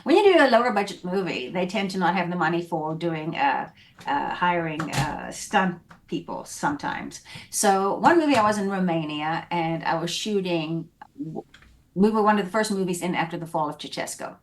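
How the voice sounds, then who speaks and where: A woman from South Africa, an actress guest, telling animated stories in a casual interview and acting out the scenes and voices as she goes. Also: fairly low pitch, moderate pace, slight background noise.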